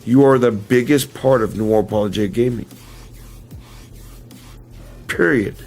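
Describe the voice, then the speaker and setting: Soft background music plays as a livestream host talks into a camera mic in an unhurried, mid-range voice with a darkish tone. He spins a rambling, self-correcting tale full of chuckles, later speaking earnestly and directly to the people watching.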